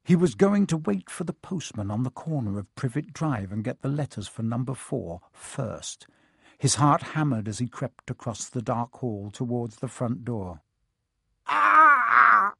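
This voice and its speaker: A man narrating a story in a measured, expressive storytelling manner. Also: medium pitch, creaky, breathy edge, no echo, studio quality. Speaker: audiobook narrator.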